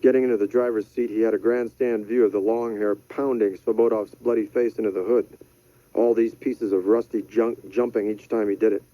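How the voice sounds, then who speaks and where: A man narrating a thriller audiobook in a measured, deadpan manner. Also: on the low side, dry recording. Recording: dry, slightly dull studio audio.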